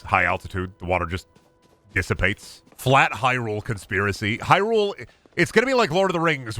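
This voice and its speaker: A young man streams a game with loose, excitable commentary, cursing often and bantering with himself and his chat. His voice swings widely in pitch and carries a bright, forward edge. Faint game music plays underneath. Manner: excitable, swears a lot, talks to himself and chat. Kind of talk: casual gameplay commentary.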